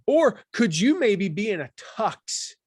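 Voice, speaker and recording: A man in his forties from the Southern United States, talking as an author in an interview, animated and full of restarts. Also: high voice, unhurried, husky, no room sound, studio quality. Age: 40s. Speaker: author and guest. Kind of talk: conversational interview.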